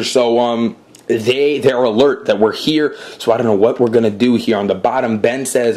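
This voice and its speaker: A man's voice: medium pitch, a little slow, a little mellow. A man hosting a casual game walkthrough, chatting to viewers and apologizing for slips along the way. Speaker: gameplay host.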